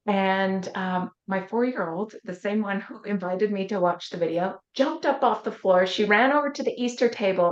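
A woman, a coach and interview guest, telling a personal story earnestly and acting out the voices she quotes. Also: medium pitch. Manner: earnest, vivid retelling that acts out quoted voices. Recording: roomy, slightly dull sound.

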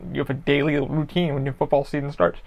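A man's voice: fairly high pitch, quick pace, creaky. A young man hosting a solo podcast, rambling casually and profanely about football. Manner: rambling, profane, animated sports talk. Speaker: podcast host.

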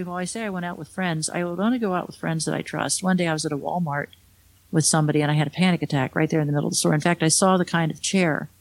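A woman's voice: deep voice, creaky, no echo. Middle-aged woman author, candid spoken storytelling, wry asides, conversational. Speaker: author and speaker. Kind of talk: personal storytelling talk.

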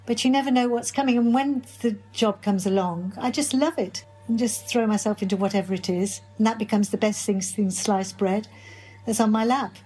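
A woman's voice: mid-range voice, moderate pace, darkish tone, husky, soft background music. An older woman from Birmingham, an actress being interviewed, answering in a chatty, enthusiastic way. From Birmingham, England. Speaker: actress guest.

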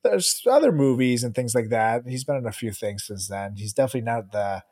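A man's voice: mid-range voice, lively intonation, a little fast, darkish tone, no echo, clean studio sound. A man co-hosting a podcast in casual chat, laughing and swearing loosely as he talks. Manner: laughing, profane, loose banter. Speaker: podcast co-host.

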